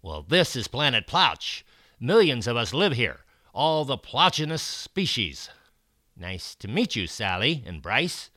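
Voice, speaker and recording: A man's voice: medium pitch, very animated, measured pace, bright, forceful tone, no echo, clean studio sound, exaggerated voice. A man voicing a slimy alien creature with a scratchy voice in a storybook reading. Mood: friendly.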